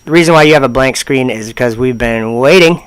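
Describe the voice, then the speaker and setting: A man's voice: medium pitch, brisk, clear, resonant tone, dry recording. A man casually commenting on a livestream, rambling and sarcastic. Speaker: streamer reacting to videos.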